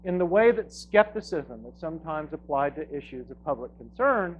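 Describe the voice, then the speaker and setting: A philosophy professor giving a talk to a live audience, with dry, wry humor and lively emphasis in his lists. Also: a little high, moderate pace, lo-fi sound, a little hiss or hum. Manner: dry wry humor, laughs at own jokes.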